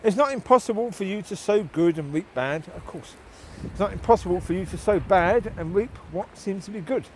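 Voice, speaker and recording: A man's voice: high-pitched, lively intonation, fairly quick, hardly any pauses, darkish tone, slight background noise, rough recording. A man giving a casual, rambling spoken devotion while walking his dogs outdoors, often adding tag questions for the listener. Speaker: lay Christian vlogger.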